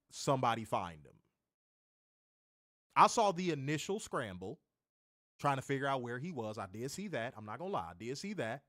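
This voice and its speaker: A man's voice: mid-range voice, a bit bright, dry recording, studio quality. A man hosting a wrestling show, telling a story in a casual, rambling way. He repeats himself, corrects himself and swears.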